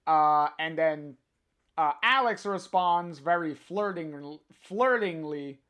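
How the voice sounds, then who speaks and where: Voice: medium pitch, slow pace, fairly bright tone, clean tone. A livestreamer reading a comic aloud on stream, hesitant with many filler sounds and chatty asides to viewers.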